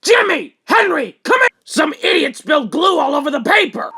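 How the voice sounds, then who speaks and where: A man voicing a hot-headed, talkative stick-figure guy in a fan cartoon, loud and quick to rant. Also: extremely high pitch, sing-song, exaggerated voice. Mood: furious. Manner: loud, ranting, quick to shout.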